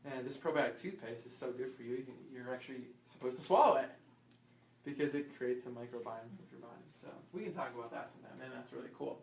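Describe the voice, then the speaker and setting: A man's voice: mid-range voice, fast talker, vocal fry, slight background noise. Man teaching a class, echoey and distant. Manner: lively, asks the audience questions and acts out little scenes. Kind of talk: informal health class talk. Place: class room. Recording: echoey room, voice from far off.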